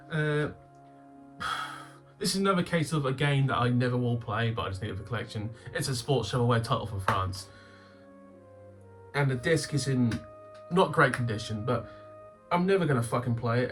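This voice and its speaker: A man hosting a game-collecting channel, chatting casually as he opens his games, swearing freely and bursting into loud laughter. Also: mid-range voice. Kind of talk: casual unboxing chat.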